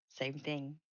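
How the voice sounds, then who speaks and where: A woman's voice: low-pitched, no echo, dull audio. A woman hosting a casual craft livestream from home, chatting with viewers and laughing often. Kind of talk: casual chat.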